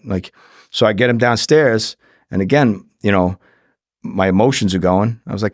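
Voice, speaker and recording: A man's voice: fairly low pitch, normal speed, dry recording, studio quality. A man, a former undercover agent, telling a story in casual talk and acting out the voices of the people in it, swearing freely. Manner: animated, acts out quoted voices, swears freely.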